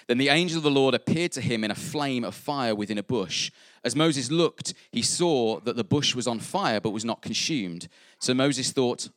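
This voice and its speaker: A man with an animated, medium-pitched voice preaches briskly in church, the sound clean and studio-like with no echo. He reads scripture aloud in a conversational, jokey way, full of asides, fillers and self-interruptions.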